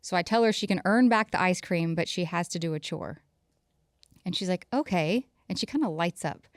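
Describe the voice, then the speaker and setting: A woman's voice: lowish voice, moderate pace, dry recording, studio quality. A woman in her thirties co-hosting a podcast, telling a story about her kids in casual chat and acting out their lines. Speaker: podcast co-host.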